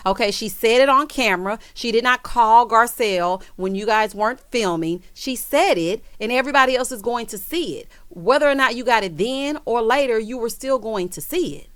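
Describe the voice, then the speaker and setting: A woman with a somewhat high voice runs through a reality TV episode in a sassy, gossipy way. She calls her viewers "honey" and "child" and teases every twist. The sound is close and dry. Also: expressive, normal speed, hardly any pauses, a bit bright, no room sound. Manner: dramatic, teasing emphasis. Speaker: reality TV recap vlogger. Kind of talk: gossipy episode recap commentary.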